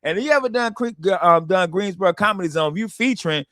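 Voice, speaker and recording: A man telling animated, slangy stories and laughing often on a comedy radio show. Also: high-pitched, quick pace, no room sound, clean studio sound. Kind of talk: casual comedy radio banter. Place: radio studio.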